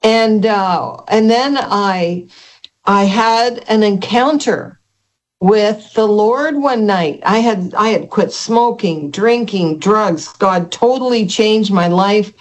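An older woman, a guest in an interview, telling her personal testimony in an earnest, halting way with many restarts. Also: mid-range voice.

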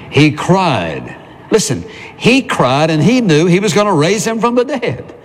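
Preaching in a conversational style, a male pastor poses questions to the congregation and supplies the answers himself. His voice is mid-range, trailed by long reverb.

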